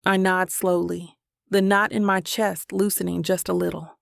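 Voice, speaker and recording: A woman's voice: fairly low pitch, flat delivery, normal speed, creaky, no echo, studio quality. A woman narrating a first-person romance audiobook in an intimate, reflective way.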